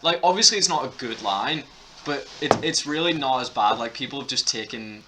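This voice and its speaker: A man's voice: medium pitch, lively intonation, a little fast, noisy background. A teenage boy, co-hosting a casual film podcast, bluntly mocking characters and swearing. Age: teens. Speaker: podcast co-host.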